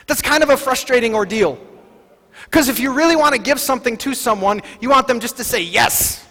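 Guy preaching a sermon, pretty high voice, goes hushed then loud, big reverb hall. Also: a little fast. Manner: swings from soft and low to loud, shouting declarations. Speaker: pastor.

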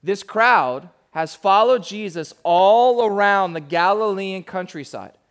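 High-voiced man preaching a sermon. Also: animated, slow, fairly bright tone. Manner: emphatic, conversational preaching. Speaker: pastor.

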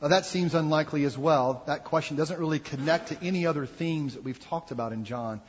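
A man's voice: on the high side, brisk, husky. A man giving an earnest, reflective sermon as a pastor. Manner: earnest, reflective preaching with acted quotes. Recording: dull sound with long hall reverb.

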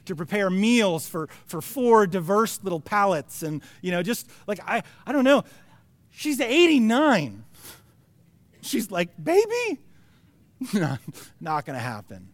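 A man in his forties preaching a sermon in a joking, conversational way, with halting restarts. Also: sits high, dry recording. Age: 40s. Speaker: pastor.

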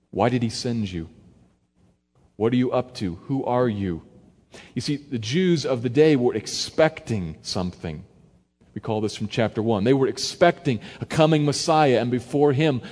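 Man preaching in a reverberant hall. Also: mid-range voice. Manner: conversational, varies loudness for emphasis, acts out quotes. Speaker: pastor. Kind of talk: expository sermon.

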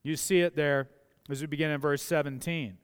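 A man's voice: a little high, steady tone, a little fast, clear, resonant tone. A man preaching a sermon as pastor, talking conversationally with everyday stories and building emphasis on his key points. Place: church sanctuary. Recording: church livestream with long hall reverb.

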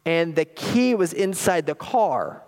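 A middle-aged man preaching as a pastor, reading scripture slowly and then telling a family story in a lively, wry, self-deprecating way. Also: on the high side, gravelly. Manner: slow, deliberate scripture reading. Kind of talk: sermon with a personal story.

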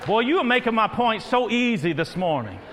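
A man preaching a sermon to a congregation, rising to loud exhortation. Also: high voice, big pitch swings, brisk, a little hiss or hum. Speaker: pastor. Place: large church sanctuary. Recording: reverberant church hall.

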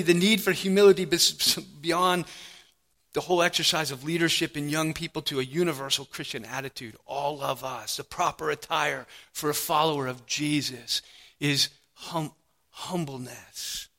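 Male pastor, sermon delivery, bright slightly high tone, earnest and emphatic. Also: normal speed. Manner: earnest preaching with rising emphasis and dropped-voice quotes.

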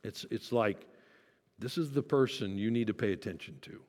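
In a church sanctuary with a long reverb tail, a pastor preaches to his congregation in a lowish, slightly mellow voice at a moderate pace. He keeps it conversational, posing questions to the congregation and cracking light jokes at his own expense.

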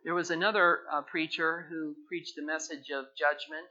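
Bright-voiced male preacher, lo-fi. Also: a little high, flat delivery, moderate pace. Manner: emphatic scripture reading with paraphrased dialogue. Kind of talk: sermon. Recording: dull lo-fi recording.

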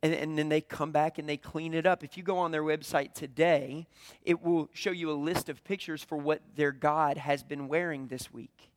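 A man's voice: on the high side, steady tone, normal speed. A man in his thirties with a Southern US accent, preaching a conversational sermon full of storytelling and acted-out dialogue. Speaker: pastor.

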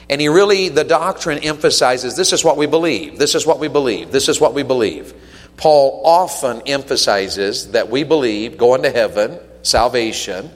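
Male preacher in an echoing church. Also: mid-range voice. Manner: earnest, questioning, rising to emphatic peaks. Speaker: visiting preacher. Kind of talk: sermon. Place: church sanctuary. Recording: long reverb of a church hall.

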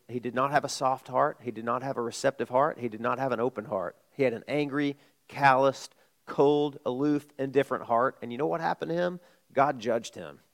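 A middle-aged man preaching a sermon, telling a personal story in a conversational way, jumping from loud asides to hushed admissions. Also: mid-range voice. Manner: conversational, with restarts and sudden swings from loud to hushed. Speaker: pastor.

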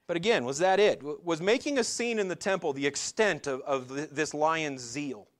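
A middle-aged male pastor giving a sermon in a conversational way, asking the congregation questions and slowing down to stress key lines. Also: a little high. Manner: conversational preaching with rhetorical questions and slowed emphatic lines.

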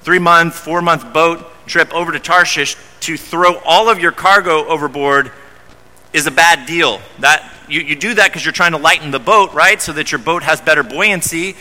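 A man's voice: fairly high pitch, sharp tone. A male pastor preaching an expository sermon in a conversational way, often repeating and restarting words. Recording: long reverb in a large hall.

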